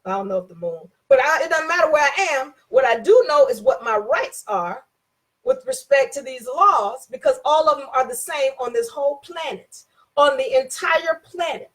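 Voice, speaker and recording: Her voice sits high as she talks informally about contract rights. Recounting a personal story, she acts out each side of the exchange and repeats points to stress them.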